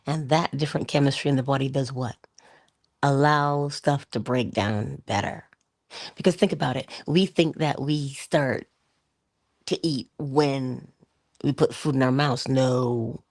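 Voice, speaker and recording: Woman motivational speaker, husky and low, chatty delivery. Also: measured pace, long pauses, darkish tone. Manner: conversational, asks rhetorical questions. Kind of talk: inspirational talk.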